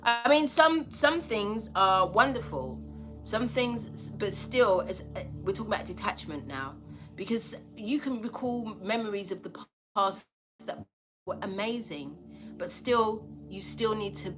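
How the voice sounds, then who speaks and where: A woman's voice: mid-range voice, animated, measured pace, music in the background. A woman giving a spiritual tarot reading, talking bluntly and emphatically with a lot of swearing. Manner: blunt, profane, emphatic preaching.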